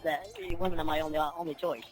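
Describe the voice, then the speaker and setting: A man's voice: on the high side, steady tone, quick pace. A man in crude teasing phone banter, sheepish and defensive, laughing often.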